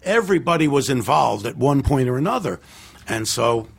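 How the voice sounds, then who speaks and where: An older man, a film director guest on a podcast, telling animated anecdotes, acting out other people's lines and restarting his sentences with lots of fillers. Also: mid-range voice, normal speed, vocal fry, breathy edge. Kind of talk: casual storytelling interview.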